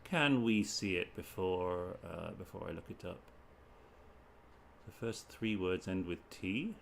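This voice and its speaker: A man from the UK reads crossword clues aloud at an unhurried pace and mutters guesses in short bursts. His voice sits on the low side. Faint keyboard typing and room noise sit behind him at a home desk. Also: creaky. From United Kingdom. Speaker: streamer solving crosswords. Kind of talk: thinking aloud while solving.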